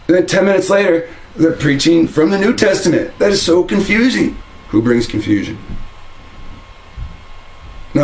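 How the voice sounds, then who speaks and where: A man's voice: on the high side, a little hiss or hum, rough recording. A man at home giving a heated, rambling monologue on religion, full of restarts and repeated phrases. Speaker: religious video commentator. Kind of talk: casual monologue to camera. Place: at home, indoors.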